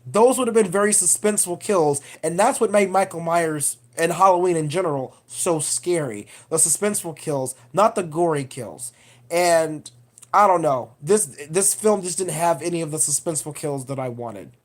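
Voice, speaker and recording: A woman's voice: low-pitched, lively intonation, moderate pace. A woman vlogger giving a casual, profane, digressive film review rant.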